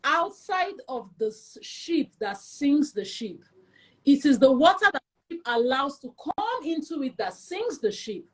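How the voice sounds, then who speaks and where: Woman, young adult, Nigerian accent, high-pitched, emphatic, animated storytelling, interview guest. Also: unhurried. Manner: emphatic and animated, acts out quoted voices. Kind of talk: candid personal storytelling in an interview.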